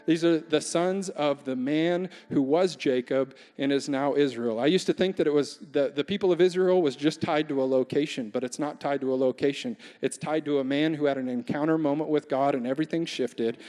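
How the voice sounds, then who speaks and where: A man's voice: on the high side, fairly quick, few pauses. Fervent preacher man in a reverberant church. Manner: builds from quiet earnest to loud fervent preaching. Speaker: guest pastor. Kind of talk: sermon. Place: church sanctuary. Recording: long church hall reverb.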